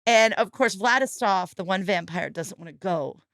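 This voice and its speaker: A woman hosting a casual podcast chat about a film, telling scenes in an animated way and acting out the quotes. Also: mid-range voice, normal speed, no room sound. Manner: animated storytelling, acts out quotes. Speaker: podcast host. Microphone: podcast microphone.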